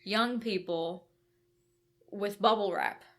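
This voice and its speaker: A woman co-hosts a podcast, walking through a book's ideas step by step in a conversational discussion and checking in with "right?" as she goes. Her voice is mid-range and slightly bright, and she speaks slowly.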